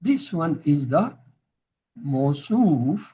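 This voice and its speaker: A man's voice: fairly high pitch, sing-song, extremely slow, warm tone, muffled recording, a little hiss or hum. A man teaching grammar in a recorded lesson, patiently repeating each term so students can drill it.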